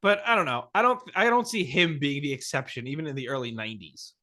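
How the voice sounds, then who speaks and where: A man's voice: a little high, quick pace, bright, forceful tone. A man co-hosting a podcast in casual chat, making snarky, profane jokes. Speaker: podcast co-host.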